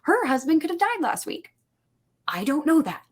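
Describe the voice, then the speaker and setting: A woman's voice: high voice, normal speed. A woman guest on a podcast telling stories in casual conversation, acting out quoted dialogue with lots of "like" fillers. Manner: animated, acts out quoted dialogue, many "like" fillers. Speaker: podcast guest, suicide prevention instructor.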